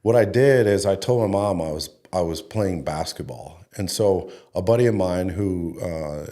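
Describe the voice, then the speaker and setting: A middle-aged head coach from Denver, Colorado, speaks in a low, dark voice at a normal speed. He's being interviewed and tells stories in a loose, chatty way, with fillers and a little swearing.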